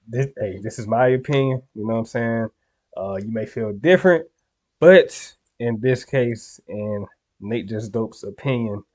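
A man's voice: medium pitch, a little mellow. A young man hosting a reaction video, talking casually and loosely to his viewers in slang, often checking in with "you feel me.". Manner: laid-back slangy talk to viewers, frequent "you feel me".

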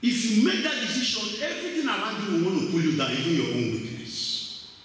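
A man preaching a sermon as pastor, telling stories in an animated, emphatic way, recorded from far off in an echoey church hall. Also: high-pitched, fairly quick.

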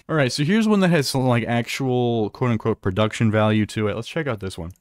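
A man's voice: medium pitch, brisk, few pauses, no echo. A man hosting a reaction video, ranting angrily with lots of swearing and stumbling restarts. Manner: heated, profane, stumbling restarts. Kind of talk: angry ranting commentary.

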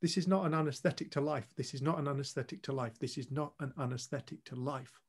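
A man's voice: medium pitch, steady tone, fast, breathy edge. A man co-hosting a retreat, telling a story to a group in a blunt, earnest way and swearing casually. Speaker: retreat co-host. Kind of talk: candid storytelling talk to a group.

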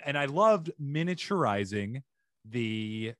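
A man's voice: medium pitch, slow pace, no echo, clean studio sound. A man hosting a comedy advice podcast, giving advice and signing off in an upbeat, chatty way. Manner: upbeat, animated sign-off patter. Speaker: podcast host. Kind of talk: casual podcast chat.

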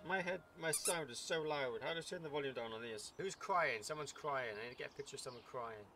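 A man commentating on a video game as he plays, excitable and chattering, cheering the game on. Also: a little high, a little fast, music in the background. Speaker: gaming YouTuber. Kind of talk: let's play commentary. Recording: loud background noise.

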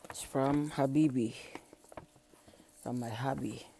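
A woman's voice: very deep voice, fairly even intonation, slow, vocal fry, dark tone, slight background noise. A woman vlogger chatting casually while unboxing gifts, gushing and emotional, laughing often. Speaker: channel founder.

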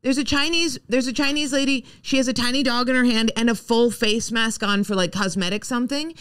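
A woman co-hosting a podcast, telling a story in casual, blunt, animated comedic chat. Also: on the high side, brisk, clean tone, dry recording, studio quality. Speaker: podcast co-host.

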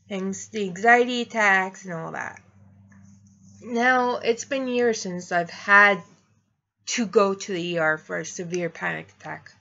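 A woman's voice: medium pitch, bright, forceful tone, muffled recording. A young adult woman vlogging, telling a personal story in a rambling, casual way and laughing through it.

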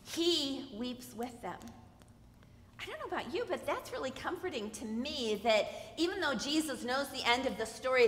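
A woman with a fairly high voice preaches a sermon as a guest speaker. She swings from soft, hushed lines to loud, emphatic ones and keeps asking the congregation questions. Her voice rings through a roomy church with a long reverb tail. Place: church sanctuary.

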